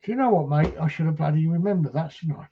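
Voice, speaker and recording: High-voiced man telling ghost stories. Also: fast, vocal fry, muffled recording, a little hiss or hum. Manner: rambling, anecdotal, full of fillers and restarts. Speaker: paranormal investigator. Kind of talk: casual storytelling on a live stream.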